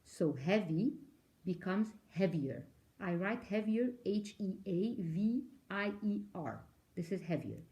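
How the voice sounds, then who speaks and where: A woman's voice: on the low side, mellow. Patient woman teaching English grammar. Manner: patient, explains step by step, asks the class questions, spells words out. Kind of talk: recorded online grammar lesson.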